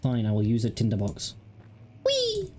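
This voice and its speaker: Woman gaming host, low and mellow, lively, giggly let's-play chatter. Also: moderate pace, a little hiss or hum. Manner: chatty, giggly, wry asides to herself. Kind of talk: casual let's-play commentary.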